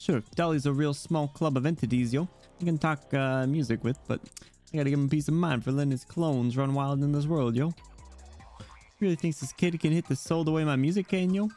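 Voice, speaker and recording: A man's voice: fairly high pitch, a little fast, mellow, soft background music, close to an everyday voice. A man voicing a swaggering immortal emperor penguin rapper who talks in laid-back slang, reading a game story aloud. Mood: cocky.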